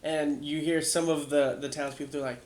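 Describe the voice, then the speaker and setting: A man running a tabletop game as game master, narrating casually with halting fillers. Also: on the high side, flat delivery. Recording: echoey room sound.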